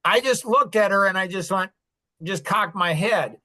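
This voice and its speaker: A man's voice: sits high, normal speed, bright, forceful tone. A middle-aged man telling a long personal story on a podcast, rambling, with many fillers and restarts.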